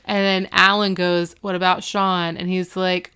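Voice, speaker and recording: A woman's voice: on the low side, little pitch movement, unhurried, sharp tone, clean tone. A woman chatting casually, recapping a sitcom episode and retelling its scenes with quoted lines and corrections. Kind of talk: casual chat.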